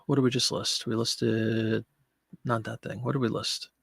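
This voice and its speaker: A man's voice: lowish voice, level tone, normal speed, creaky, a bit bright, husky, no room sound. A man hosting a casual live-stream from home, chatting to viewers and cooing at his pet, into a desk microphone. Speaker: online seller hosting a live listing show.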